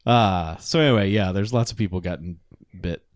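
A man's voice: deep voice, moderate pace, no echo, studio quality. A man chatting casually about a movie, laughing often and acting out lines from the characters. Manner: lively, laughing, acts out quoted characters. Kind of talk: casual movie recap chat.

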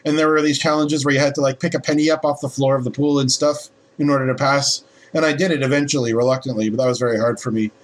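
A man's voice: mid-range voice, fairly even intonation, fast talker. A man co-hosting a podcast, chatting casually in a joking, playful way. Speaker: podcast co-host. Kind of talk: casual chat.

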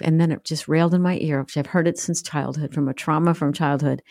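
A woman's voice: low voice, fairly even intonation, fast, few pauses, mellow, dry recording, clean studio sound. A middle-aged woman giving a heartfelt personal testimony as a guest author in an interview. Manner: earnest, heartfelt storytelling.

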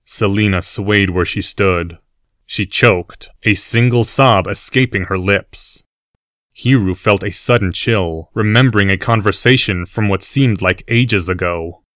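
A male narrator reads a fantasy story in a steady, even storytelling manner. His voice is fairly low, and the recording is dry and close-miked. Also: measured pace, dry recording. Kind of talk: scripted audiobook narration.

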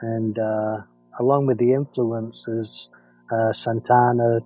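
A man with an English accent co-hosting a music podcast, chatting playfully and halting on fillers. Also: medium pitch, flat delivery, dark tone. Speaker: podcast co-host. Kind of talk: casual chat about music.

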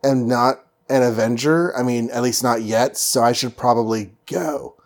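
A man's voice: mid-range voice, fairly even intonation, normal speed, gravelly, natural voice. A man voicing a wary female spy who speaks hesitantly and downplays herself.

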